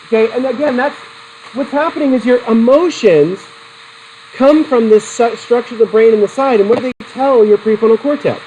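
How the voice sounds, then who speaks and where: A man's voice: very high-pitched, normal speed, warm tone, highs cut off, a little hiss or hum. A man teaching a psychology class in a chatty, digressive way, laughing often and putting questions to his students. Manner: laughs often between points. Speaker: psychology instructor. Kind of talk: classroom lecture.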